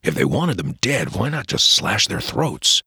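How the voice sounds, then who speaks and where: A man voicing a grave, practical frontier father who speaks low and measured in a storybook reading. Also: big pitch swings, vocal fry, bright, forceful tone, slightly rough, no room sound, clean studio sound, exaggerated voice. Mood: puzzled.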